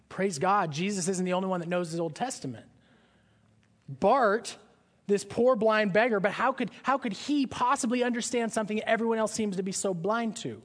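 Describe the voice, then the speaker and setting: A man's voice: high-pitched, a little fast. A man preaching a sermon in a conversational style, often asking his listeners questions. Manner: conversational, asks the audience questions. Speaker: pastor.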